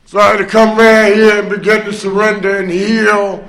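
A man's voice: high voice, flat delivery, moderate pace, a bit bright, reverberant. A man sharing his recovery testimony at a meeting, telling his story conversationally with many fillers, bursts of emphasis and rueful laughs. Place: meeting room.

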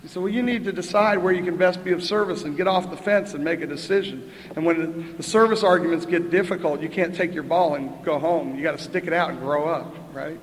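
A man's voice: on the high side, steady tone, a little fast, a little hiss or hum. An older man telling a wry, chatty story at a twelve-step recovery meeting, often tossing in "right?" and a laugh. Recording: echoey hall with faint ambience.

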